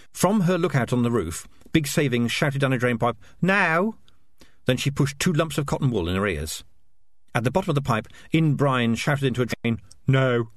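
A man narrating an audiobook as an expressive storyteller. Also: mid-range voice, no echo.

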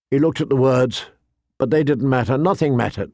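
In a clean studio recording free of room sound, a medium-pitched male voice reads a fantasy audiobook at a steady, measured pace.

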